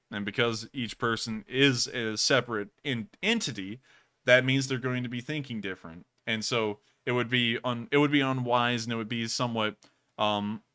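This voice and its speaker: Bright-voiced male stream host. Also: medium pitch, clean tone. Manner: earnest, talks in long run-on explanations. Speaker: livestream news host. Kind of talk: live-stream news commentary.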